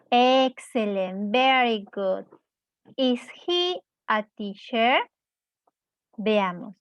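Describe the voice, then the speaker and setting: A woman teaching English, who explains in Spanish, models sentences slowly and clearly, asks the class questions and praises their answers. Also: a little high, fairly bright tone, no echo. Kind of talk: slow, deliberate classroom explanation.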